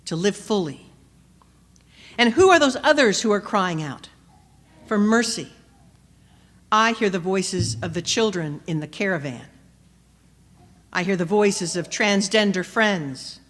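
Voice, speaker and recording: A woman preacher delivering a sermon, measured and questioning, rising to emphatic peaks and dropping soft. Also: mid-range voice. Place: church. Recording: long church reverb.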